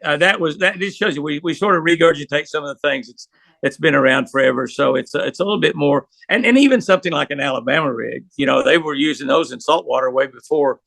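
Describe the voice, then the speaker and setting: An older man with a deeply gravelly, forceful voice tells folksy fishing stories as an interview guest. He rambles from one anecdote to the next. The sound is dry and close. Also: fast, no room sound. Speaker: pro angler guest. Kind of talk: storytelling interview.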